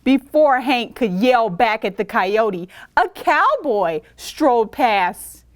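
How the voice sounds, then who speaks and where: A woman's voice: fairly high pitch, takes it slowly, no echo, clean studio sound. A woman librarian reading a picture book aloud to children, stopping to ask them questions. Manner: animated, asks kids questions. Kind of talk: children's story time reading.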